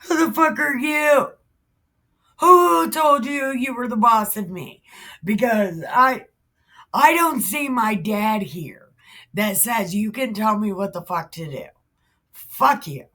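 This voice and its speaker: A woman voicing a cocky, foul-mouthed young shepherd boy who shouts and swaggers. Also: mid-range voice, animated, a little slow, slightly rough. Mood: defiant.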